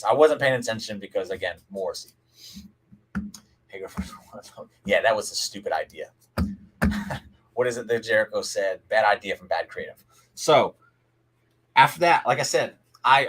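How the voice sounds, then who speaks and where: A man's voice: mid-range voice, fairly bright tone, poor audio. A young man hosting a casual live recap of a wrestling show, chatty and opinionated, often restarting his sentences and answering viewers' chat. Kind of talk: casual live-stream commentary.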